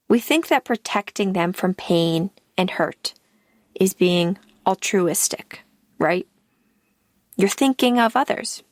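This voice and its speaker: A woman coaching through a podcast episode in an unhurried, measured way, letting her sentence ends fall away into breath. Her voice carries a gravelly, creaky texture. The recording is close and dry, with no room sound. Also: mid-range voice, no echo. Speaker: life coach, podcast host. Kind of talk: slow scripted podcast monologue.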